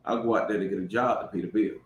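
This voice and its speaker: A man with a fairly low voice, co-hosting a podcast. He speaks earnestly and reflectively, and often breaks off to gather his thoughts. He sounds like he is in a roomy, echoey room. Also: steady tone, fast. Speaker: podcast co-host. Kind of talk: casual conversational podcast. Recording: roomy echo.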